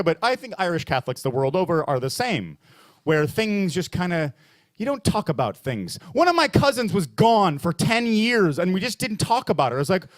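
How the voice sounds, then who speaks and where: A man's voice: high-pitched, a bit bright, dry recording. A man doing a self-mocking stand-up set at an open mic, acting out his own inner dialogues. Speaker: stand-up comedian and emcee. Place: small bar stage at an open mic.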